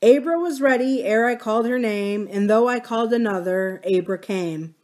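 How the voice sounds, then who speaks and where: A man's voice: very high-pitched, lively intonation, moderate pace. A woman voicing a pompous middle-aged male county supervisor, talking down in a sing-song way.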